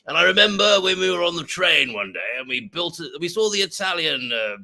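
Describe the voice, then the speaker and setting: A man's voice: on the high side, big pitch swings, a little fast, bright, forceful tone, pitched above the performer's own voice, full character voice. A man voicing a pompous, old-fashioned retired British army colonel with a plummy manner. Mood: nostalgic.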